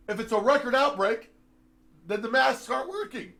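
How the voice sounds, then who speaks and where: A man's voice: very high voice, animated, normal speed, creaky, pushed and bright. A man on a heated, profane political rant, sarcastic and rambling, with many filler sounds as he talks. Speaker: host.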